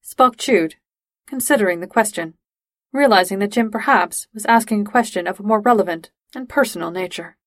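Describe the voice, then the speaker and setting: Woman, audiobook narrator, steady storytelling, mid-pitched voice, dry close recording. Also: brisk, dry recording. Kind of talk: fan-fiction audiobook reading.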